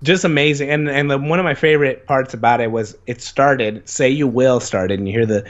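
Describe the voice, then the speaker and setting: In dull audio, a young man speaks a little fast in a mid-range voice as a guest in a casual interview. He rambles enthusiastically through his stories, packing them with "like" and other fillers.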